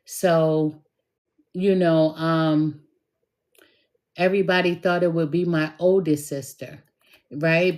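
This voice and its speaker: A woman's voice: sits low, flat delivery, takes it slowly, long pauses. A middle-aged woman, a tarot reader, telling stories in a chatty way, full of fillers and retold dialogue. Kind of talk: casual storytelling monologue.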